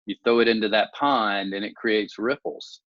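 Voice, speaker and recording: Man, low pitch, reflective interview host, dry close sound, dull lo-fi. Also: normal speed, a bit bright, no echo. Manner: reflective, encouraging, long musing sentences. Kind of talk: casual interview conversation.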